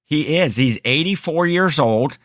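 A man's voice: a little high, lively intonation, unhurried, fairly bright tone, no room sound, studio quality. A man co-hosting a podcast in casual chat, rambling with frequent laughs and restarts. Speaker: podcast co-host.

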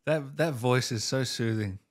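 Australian man hosting a chat, upbeat, affirming, mid-pitched. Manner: eager, affirming, quick to agree. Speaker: interview host. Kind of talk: casual interview chat.

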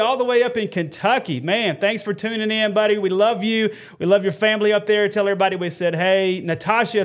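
A man hosting a Christian live show with his wife, talking earnestly and greeting viewers by name. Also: sits high. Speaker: host of a Christian web show. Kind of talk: casual faith talk and viewer shout-outs.

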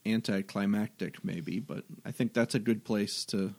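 Relaxed man running a tabletop game. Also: lowish voice, moderate pace, gravelly, no room sound. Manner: relaxed, explanatory, hedging. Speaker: game master.

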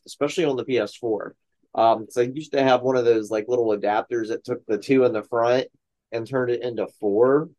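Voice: medium pitch, darkish tone, low-quality recording. A podcast co-host chatting casually over a video call, rambling with lots of fillers. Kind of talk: casual chat.

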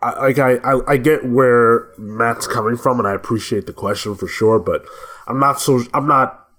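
Brief: male podcast co-host, mid pitch, mock-exasperated banter. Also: moderate pace, fairly bright tone. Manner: exasperated, joking. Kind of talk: casual chat.

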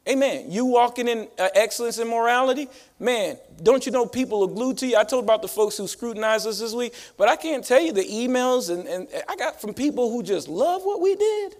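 High-voiced preacher working up a congregation. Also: male voice, lively intonation, fairly quick, hardly any pauses, a little mellow. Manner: call-and-response preaching with rising emphasis. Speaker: pastor. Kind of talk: sermon. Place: church sanctuary.

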